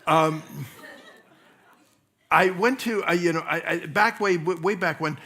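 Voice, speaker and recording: A male pastor telling a personal story from the pulpit, with a voice pitched somewhat high for a man. He speaks loosely and conversationally, often restarting phrases and laughing at his own story. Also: a little slow, pushed and bright, some chatter behind.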